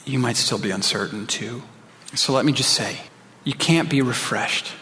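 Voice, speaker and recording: A man's voice: mid-range voice, normal speed, pushed and bright, big-room sound, a little hiss or hum. A male pastor preaching a sermon, earnest and pleading, sometimes dropping his voice to a whisper.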